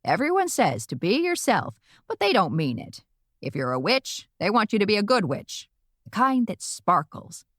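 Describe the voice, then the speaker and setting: A woman's voice: medium pitch, wildly swooping pitch, normal speed, dry recording. A brash old witch grandmother working a stand-up crowd with bawdy, brassy timing, as a woman narrator puts her on. Her lines punch upward at the jokes. The reading is close and dry. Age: older. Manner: brassy, bawdy comic delivery.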